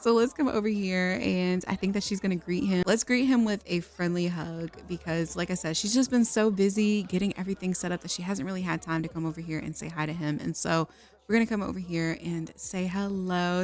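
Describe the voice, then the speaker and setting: A woman's voice: fairly low pitch, a little fast, darkish tone. Woman chatting thru her sims game, giggly, keeps apologizing to viewers. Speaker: gaming video host. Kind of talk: casual let's play narration.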